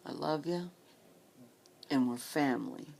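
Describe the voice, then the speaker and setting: A woman in her late forties speaking slowly and softly in a personal vlog, often close to a whisper, holding back tears. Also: low-pitched, vocal fry. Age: 40s. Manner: slow, soft-spoken, often near a whisper, earnest. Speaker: vlogger.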